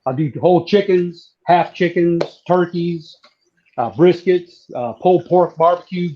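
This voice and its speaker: A man from southeastern Virginia, chatting casually while demonstrating how to fry catfish. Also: sits high, unhurried. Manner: folksy, relaxed, drawling. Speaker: cooking guest. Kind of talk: casual cooking demo on a live stream. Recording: dull lo-fi stream audio.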